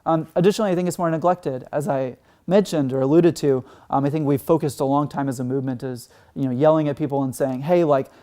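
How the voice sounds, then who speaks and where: A man's voice: fairly high pitch, steady tone, fast, few pauses, mellow. A man from Texas giving an earnest conference talk, full of "um" and "like" fillers. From Texas, United States. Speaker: conference speaker.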